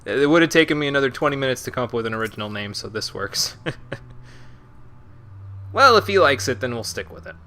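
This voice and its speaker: A man's voice: medium pitch, lively intonation, a little fast, long pauses, pushed and bright. A young man streaming a video game, chatting casually and mumbling to himself as he plays. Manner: mumbles to himself, chuckles often. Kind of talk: casual gameplay commentary.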